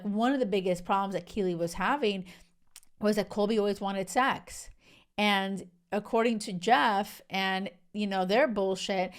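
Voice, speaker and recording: A young woman hosting a solo podcast, talking in a casual, emphatic and outraged way, full of "like" and "you know". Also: mid-range voice. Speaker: podcast host.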